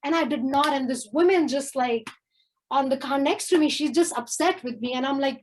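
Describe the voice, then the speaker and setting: High-voiced woman ranting stand-up comedy. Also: normal speed, darkish tone, low-quality recording. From India. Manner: brash, profane, rambling. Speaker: open mic comedian.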